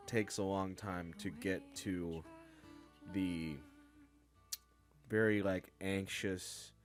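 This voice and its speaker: Deep-voiced, laid-back man. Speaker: music review co-host. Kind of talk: casual album review chat. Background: album playing faintly.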